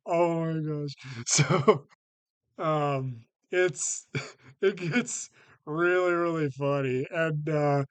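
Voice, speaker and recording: Guy doing a slow rambly show-ranking vlog, lots of ums and restarts, dry sound. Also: a little high, smooth, no echo. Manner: halting, many fillers and restarts, repeats "basically". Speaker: vlog host ranking TV shows. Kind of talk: casual unscripted talk to camera.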